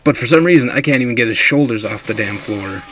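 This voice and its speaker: A man's voice: medium pitch, animated, quick pace, a bit bright, husky, no echo. A man casually telling a drunken ghost story, rambling and swearing a lot.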